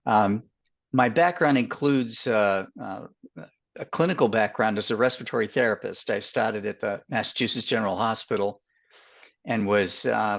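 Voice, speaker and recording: An older man with a Boston accent, speaking as a guest consultant on a webinar over a video call, with many fillers and pauses. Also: fairly low pitch, a bit bright. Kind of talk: webinar interview. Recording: dull lo-fi audio.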